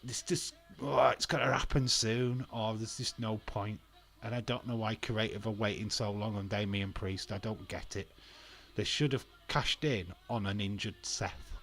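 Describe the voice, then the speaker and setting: A man's voice: fairly low pitch, steady tone, normal speed, vocal fry, fairly bright tone. A man giving casual, blunt commentary as he watches along with an old wrestling event, ranting and swearing freely.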